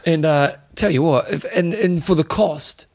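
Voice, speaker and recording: A man's voice: a little high, moderate pace, crowd noise. A man co-hosting a podcast in rambling casual chat, laughing often. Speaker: podcast co-host.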